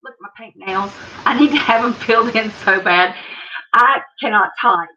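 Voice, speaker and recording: A woman's voice: fairly high pitch, moderate pace, pushed and bright, slight background noise. Appalachian American woman hosting a live stream, chatty, reads viewer comments, slightly muffled home audio. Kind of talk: casual live stream chat.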